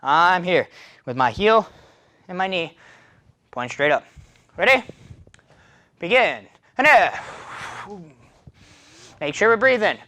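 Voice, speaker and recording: A man's voice: sits high, very animated, a little slow, long pauses, bright, forceful tone. A man teaching a follow-along taekwondo class, counting kicks aloud and coaching between sets in a chatty, self-deprecating way while breathing hard from the workout. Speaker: taekwondo instructor.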